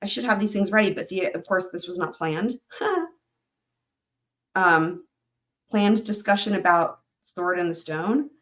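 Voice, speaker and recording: A woman's voice: on the low side, animated, unhurried, long pauses, a bit bright. A woman hosting a live stream in casual chat, rambling, laughing often and reading comments aloud.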